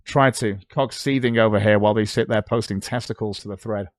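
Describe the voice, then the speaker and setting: A man's voice: lowish voice, fairly even intonation, fairly quick, no room sound. Sarcastic British man streaming, dry sound. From Britain. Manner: sarcastic, swears freely, talks back at what he reads. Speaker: livestreamer reading forum posts aloud. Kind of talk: casual livestream commentary.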